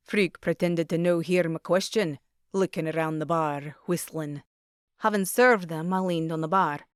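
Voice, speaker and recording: A woman's voice: on the low side, fairly even intonation, a little slow, clean tone, no room sound. Woman narrating an audiobook, dry and close. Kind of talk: scripted first-person narration.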